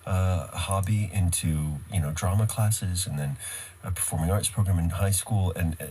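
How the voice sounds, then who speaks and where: Deep-voiced self-deprecating man. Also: normal speed, mellow, a little hiss or hum. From United States. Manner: self-deprecating, wry, laughs often. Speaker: actor, guest. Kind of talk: casual interview storytelling.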